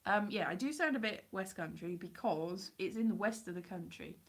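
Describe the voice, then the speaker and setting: A woman's voice: medium pitch, lively intonation, moderate pace. A woman from Wales with a Welsh accent blurred by years in England, chatting in a rambling, self-deprecating way on a live stream. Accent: Welsh mixed with English Midlands. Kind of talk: rambling casual chat.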